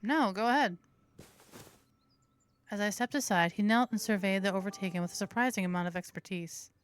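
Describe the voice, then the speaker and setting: A woman's voice: mid-range voice, a little fast, smooth. A woman hosting a let's play, reading the game's narration aloud with playful, crude asides. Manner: playful, giggly, crude jokes between narration. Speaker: host.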